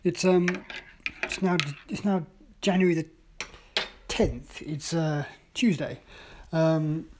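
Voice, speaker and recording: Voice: medium pitch, slow pace, noisy background. Rambling chatty vlogger. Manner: rambling and chatty, with many ums and self-mocking asides. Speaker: vlogger tasting coffees. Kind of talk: casual daily video diary. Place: at home, indoors.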